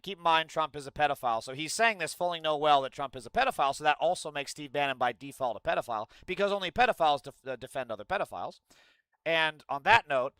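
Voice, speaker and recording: A man's voice: a little high, pushed and bright, clear, resonant tone, dry recording. A man ranting and swearing through political commentary on a live stream, scolding his chat. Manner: profane, ranting, mocking chat.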